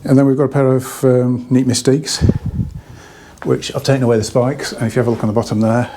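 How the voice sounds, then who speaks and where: A man's voice: mid-range voice, flat delivery, quick pace, noisy background. A man giving a casual, rambling hi-fi product review, slightly out of breath, with many restarts.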